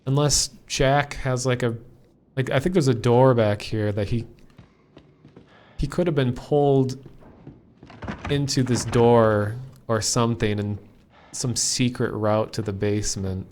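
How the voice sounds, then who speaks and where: A man's voice: medium pitch, steady tone, a little slow, pauses often, darkish tone, a little hiss or hum. A man from Minnesota with a Minnesotan accent, chatting casually and rambling as he streams a game. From Minnesota, USA. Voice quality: chatty, rambling, many fillers. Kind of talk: casual live stream commentary.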